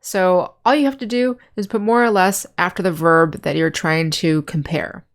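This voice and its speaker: A woman English teacher giving a grammar lesson, explaining patiently step by step and slowing down to repeat example words. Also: fairly low pitch, fairly even intonation.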